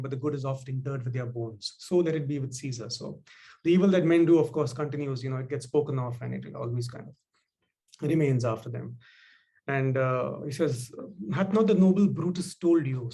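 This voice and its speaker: A man giving a loose, halting talk on leadership, full of "you know" and "uh" fillers, quoting lines from a classic speech. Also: mid-range voice, darkish tone. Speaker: speaker on leadership. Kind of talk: casual explanatory talk.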